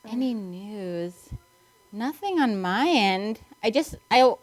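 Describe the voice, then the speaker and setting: A woman's voice: medium pitch, lively intonation, takes it slowly. A woman guest co-host in casual chat, teasing and giggly.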